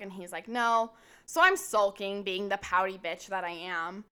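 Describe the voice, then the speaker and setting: A woman's voice: mid-range voice, a little slow, sharp tone, clear, resonant tone. A young woman co-hosting a podcast, telling blunt, self-mocking stories in casual chat and swearing freely. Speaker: podcast co-host.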